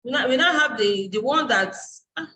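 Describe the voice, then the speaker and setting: A woman who is a university lecturer and dean teaches a live online class in a slightly high, expressive voice at normal speed. She explains things step by step, searching aloud for terms, and the recording quality is low.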